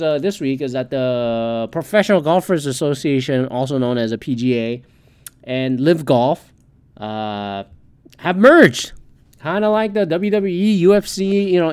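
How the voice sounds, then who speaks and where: A man's voice: a little high, a little mellow, clear, resonant tone, dry recording. A man hosting a podcast, ranting heatedly in casual solo commentary and swearing often. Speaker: podcast host.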